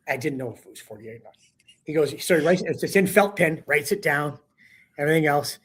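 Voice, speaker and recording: Guy spinning a hockey story on a talk show, kinda high voice, gets loud when quoting people. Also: fast, slight background noise. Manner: animated, acts out quotes with rising voice. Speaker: hockey broadcaster guest.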